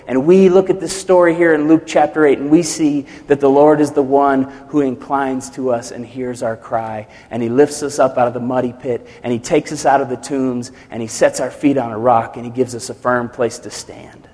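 A male pastor preaching a sermon, animated, acting out quotes with sudden swells and drops. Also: mid-range voice, normal speed, few pauses, in a large hall.

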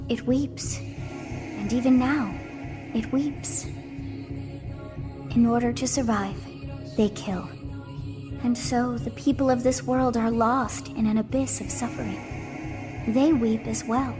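A woman lends her voice to an ancient goddess, solemn and grieving, drawn out at a very slow pace with a slightly raised pitch. Clear music plays behind the reading. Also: steady tone. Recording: music playing underneath.

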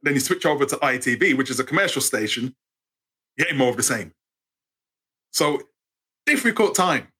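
An English man in his fifties with an English accent, telling stories in an interview in an animated way and acting out the voices he quotes. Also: medium pitch, normal speed, long pauses, breathy edge. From England. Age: 50s. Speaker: guest storyteller. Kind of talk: interview storytelling.

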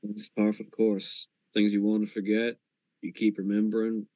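A man plays his character in a tabletop role-play with calm, dry teasing. His voice sits a little low. The recording is dull and dry, with no room sound. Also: moderate pace, dry recording.

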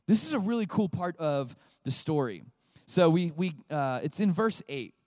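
A man pastor giving a casual, animated sermon to a young crowd, chatting and acting out short voices. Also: on the high side, moderate pace, no echo, clean studio sound.

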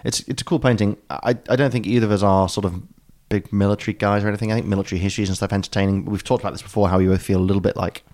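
A man's voice: fairly low pitch, steady tone, rapid-fire, hardly any pauses, a little mellow. A man with an Australian accent hosting a casual podcast chat, rambling and joking with plenty of ums. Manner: rambling, jokey, many ums. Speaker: podcast host.

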